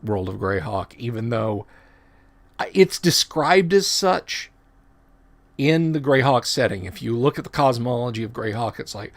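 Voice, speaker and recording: Middle-aged guy doing a chill livestream, rambly and chatty, keeps correcting himself, pretty ordinary pitch. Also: animated, measured pace, creaky. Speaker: livestream host. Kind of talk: casual livestream chat.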